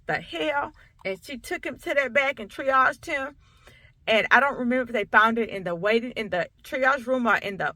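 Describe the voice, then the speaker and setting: A woman coach tells her own story straight to camera, conversational and emphatic, circling back on her points. Her voice is bright and forceful. The sound is dry and close, with no room echo. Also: on the high side. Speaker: coach and sickle cell awareness speaker.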